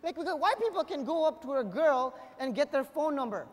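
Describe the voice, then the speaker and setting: Young male stand-up comic, very high voice, punchy energetic delivery, long hall reverb. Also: brisk. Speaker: stand-up comedian. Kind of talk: stand-up comedy set. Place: live comedy stage before an audience.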